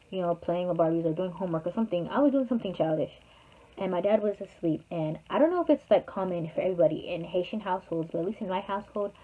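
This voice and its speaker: Fast-talking young woman, tinny sound. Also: fairly low pitch. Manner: chatty, animated, jokey asides. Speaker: YouTuber. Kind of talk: casual storytime vlog. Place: her bedroom at home.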